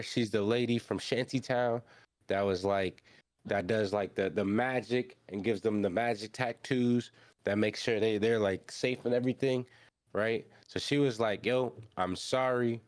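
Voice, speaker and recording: A young man hosting an anime podcast, recapping an episode in animated, slangy storytelling full of fillers and restarts. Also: fairly low pitch, a little slow, no echo, studio quality.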